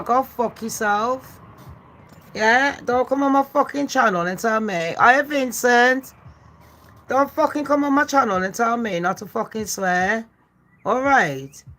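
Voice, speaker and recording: A woman's voice: a little high, unhurried, fairly bright tone. Foul-mouthed woman ranting at chat. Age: 40s. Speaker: livestream host. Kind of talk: live-stream rant and true-crime chat.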